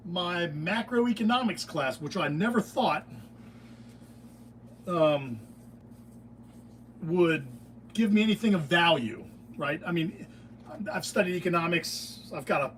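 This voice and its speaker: A man's voice: a little high, a bit bright. A middle-aged American man, a beekeeping channel host, giving an opinionated, digressive casual monologue in his workshop, often restarting his sentences. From United States. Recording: distant mic with faint room noise.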